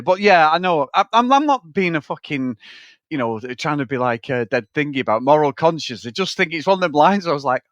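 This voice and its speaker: A man's voice: fairly high pitch, lively intonation, moderate pace, a bit bright, dry recording, lo-fi sound. A man, co-hosting a podcast, swearing freely as he rambles through film scenes. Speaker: podcast co-host. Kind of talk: casual film chat.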